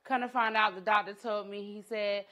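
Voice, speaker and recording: A middle-aged woman giving a talk, telling her personal story as an entrepreneur and educator, with dramatic pauses and hushed moments. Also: medium pitch, fairly even intonation. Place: conference room.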